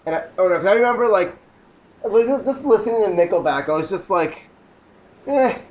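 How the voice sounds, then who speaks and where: A man's voice: sits high, fast talker, lo-fi sound. A young man co-hosting a podcast, rambling in casual chat with lots of filler words and silly mock voices. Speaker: podcast co-host.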